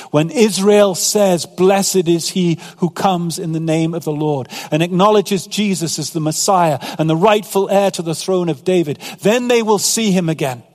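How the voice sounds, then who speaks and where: Higher-voiced male preacher in a reverberant hall. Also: a little mellow. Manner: earnest preaching, reading scripture aloud. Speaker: pastor. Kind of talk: sermon.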